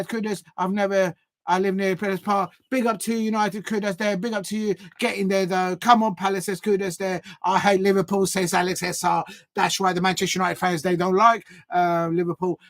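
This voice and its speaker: A man doing a live football watch-along stream, chatty and prone to loud shouts. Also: high-pitched, dry recording, clean studio sound. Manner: excitable, bursts into loud shouts at goals; chatty, gives shout-outs to chat.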